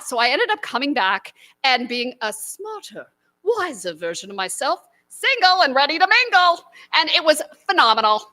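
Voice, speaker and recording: A woman's voice: high-pitched, bright, forceful tone. A woman performing a stand-up story on a small live stage, acting out her own inner voices. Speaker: stand-up comedian.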